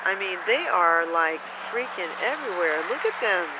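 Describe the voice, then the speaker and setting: A woman filming outdoors on a phone, giving an excited, breathless running commentary and exclaiming over and over. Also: on the low side, normal speed, very noisy. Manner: breathless, exclaiming, repeating herself. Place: outdoors in the cold.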